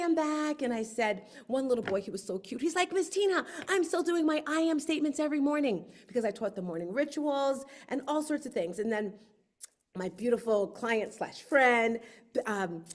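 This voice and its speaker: A woman hosting her book launch on a livestream, telling lively stories and acting out quotes. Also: a little high, moderate pace. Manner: lively storyteller, acts out quotes. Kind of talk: casual livestream talk.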